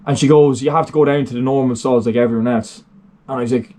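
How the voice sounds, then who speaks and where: A man's voice: medium pitch, fairly even intonation, fast talker, dark tone. A young Irish man telling a story in a casual, rambling way, full of fillers and swearing. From Ireland. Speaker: vlogger.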